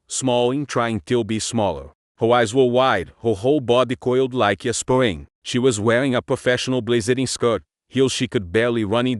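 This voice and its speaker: A man giving a slow, brooding first-person narration of a dark story. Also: mid-range voice, dry recording, clean studio sound.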